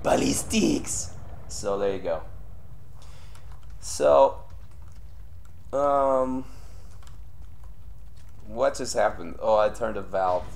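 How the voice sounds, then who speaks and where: A young man streaming live gameplay and commenting as he plays. He swears often and swings between low grumbling and sudden yelling. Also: extremely slow, creaky, long pauses. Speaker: streamer playing a horror game.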